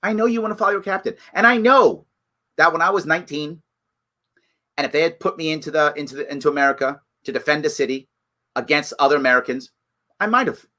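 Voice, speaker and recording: Bright-voiced man giving impassioned commentary. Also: fairly high pitch, fast talker. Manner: emphatic, repetitive, pleading and scolding. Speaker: host.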